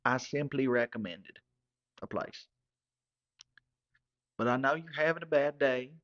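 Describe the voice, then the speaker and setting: A man voicing a smug, teasing buddy with a higher, drawling voice. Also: a little slow, a bit bright, no room sound, lo-fi sound, lightly acted. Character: smug rowdy Southern man, Earl Junior.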